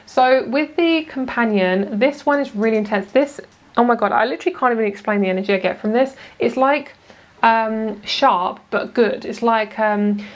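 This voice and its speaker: A young woman giving a chatty, gushing tarot reading, swearing now and then for emphasis. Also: fairly high pitch. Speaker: tarot reader. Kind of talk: casual tarot reading monologue.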